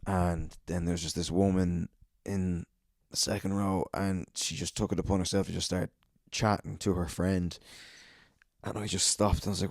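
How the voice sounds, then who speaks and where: A man's voice: low-pitched, level tone, moderate pace, no echo, studio quality. A young man, a comedian hosting his podcast alone, telling gig stories in a profane, casual monologue and laughing at his own anecdotes.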